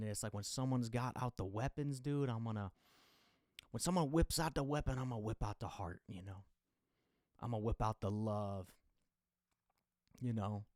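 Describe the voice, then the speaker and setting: A young man hosting a podcast, talking in a rambling, confessional way with lots of fillers and restarts, and getting loud and exasperated when he rants. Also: medium pitch, no echo, clean studio sound. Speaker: podcast host. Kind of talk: casual monologue.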